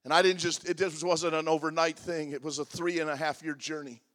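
A man in his sixties preaches a personal, confessional sermon. His voice sits a little high for a man. He swings from loud, emphatic declarations to quiet, almost whispered lines. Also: flat delivery, fairly quick. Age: 60s. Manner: confessional, shifting from loud emphatic to hushed and soft. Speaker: pastor.

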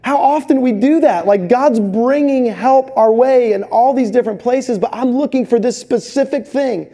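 A man preaching a sermon, telling stories with animated, acted-out quotes. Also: very high-pitched, moderate pace. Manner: animated storytelling, acts out voices in quotes. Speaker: pastor.

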